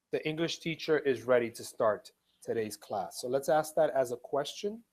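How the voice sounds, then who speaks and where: A man of middle pitch teaches an online English class. He speaks slowly and patiently, going over each rule more than once. He reads example sentences aloud with careful stress. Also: lively intonation. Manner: slow, patient, repeats each point. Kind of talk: live online ESL lesson.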